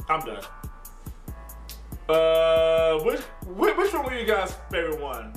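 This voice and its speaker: A man's voice: fairly high pitch, very animated, normal speed, a bit bright. Laughing, chatty male reactor. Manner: laughs often, chatty, stumbles and repeats words. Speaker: video reactor host. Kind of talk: casual reaction commentary. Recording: echoey room with faint music.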